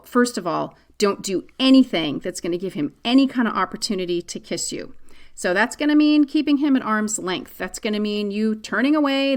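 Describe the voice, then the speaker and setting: A middle-aged woman hosting a parenting podcast, answering a listener's question in a candid, conversational way. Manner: candid, conversational, animated pitch swings.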